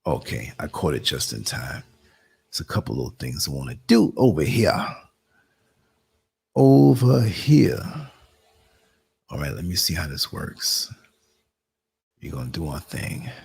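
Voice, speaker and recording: A man's voice: a bass voice, animated, moderate pace, gravelly, slightly rough. A man with a New York accent hosting a live online talk show, chatting casually and laughing often while he works the computer.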